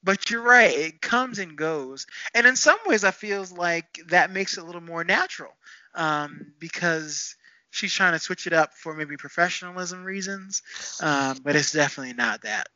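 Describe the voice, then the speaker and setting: A man with a strikingly bright, sharp voice talks through a TV show in an easy, animated podcast chat, laughing often. The sound is dry and close but a bit dull and lo-fi, and his voice sits slightly high. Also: moderate pace, dry recording. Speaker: podcast co-host. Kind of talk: casual TV review chat.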